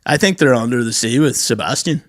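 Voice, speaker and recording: A man's voice: medium pitch, fairly quick, dry recording, studio quality. Crude joking Welsh podcast guy. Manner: crude, joking, swears a lot. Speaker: podcast co-host. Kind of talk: casual chat.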